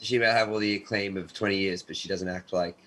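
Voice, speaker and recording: A man's voice: sits low, steady tone, fast talker, fairly bright tone, low-quality recording. A young Australian man chatting loosely on a podcast, full of "like" and "you know". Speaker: podcast guest, actor and athlete. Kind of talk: casual podcast chat.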